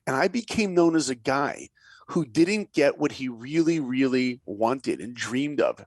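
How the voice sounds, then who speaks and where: A man's voice: mid-range voice, moderate pace, slightly rough, no room sound. A man telling stories as a guest in a podcast interview, acting out the voices in his anecdotes and dropping to a whisper for emphasis. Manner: lively storyteller, acts out quotes, drops to a whisper for emphasis. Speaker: guest, animator and director. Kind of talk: animated storytelling in a podcast interview.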